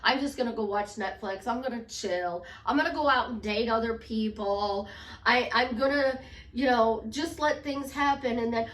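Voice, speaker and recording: A woman's voice: fairly high pitch, normal speed, a bit bright, roomy sound, recorded from a distance. A woman life coach talking emphatically and acting out her clients' doubts in quoted voices. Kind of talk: casual motivational talk.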